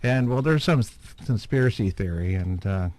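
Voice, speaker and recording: A male podcast host chats casually at a moderate pace, rambling and hesitant, full of fillers and chuckles. His voice is lowish and darkish in tone, with lively intonation.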